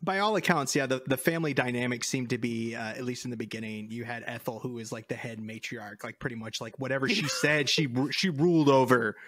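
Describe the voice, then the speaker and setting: A man's voice: mid-range voice, fairly quick, few pauses, a bit bright. A male podcast host casually recounting a paranormal case, rambling with many fillers.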